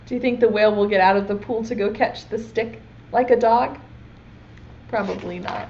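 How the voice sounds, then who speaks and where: A woman's voice: medium pitch, expressive, fairly quick, highs cut off, a little hiss or hum. Sing-song preschool teacher woman. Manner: gentle, asks children questions. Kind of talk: reading aloud and teaching young children.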